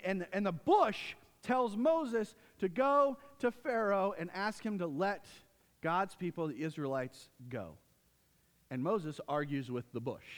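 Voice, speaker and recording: A man's voice: high-pitched, in a large hall. A man preaching a sermon as the pastor, telling stories animatedly and with emphasis.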